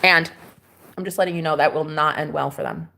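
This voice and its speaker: A woman's voice: deep voice, fairly quick, creaky, pushed and bright. A woman vlogger chatting casually with her live viewers, telling stories dramatically and swearing freely. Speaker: vlogger talking to live chat. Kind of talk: casual livestream chat.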